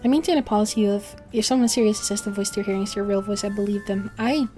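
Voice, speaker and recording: A woman VTuber with a steady, slightly mellow, medium-pitched voice chats at a quick pace over faint music. She rambles casually on her livestream, cursing often and laughing between thoughts.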